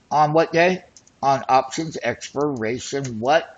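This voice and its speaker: A man hosting an options trading show, talking excitedly and boastfully as he walks through call and put charts. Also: mid-range voice, unhurried, lo-fi sound. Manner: excited, boastful, hype-driven patter. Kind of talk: screen-share trading commentary.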